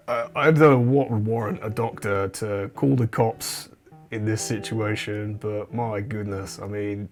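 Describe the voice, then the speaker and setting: A man's voice: mid-range voice, sing-song, a little slow, faint music behind. A man hosting a comedic commentary, wry and incredulous, often breaking into chuckles. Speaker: host.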